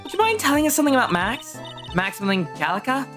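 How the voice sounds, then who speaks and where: A woman's voice: high voice, big pitch swings, fast, over music, voice pushed up. A woman voicing a skeptical young male defense attorney. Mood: dry.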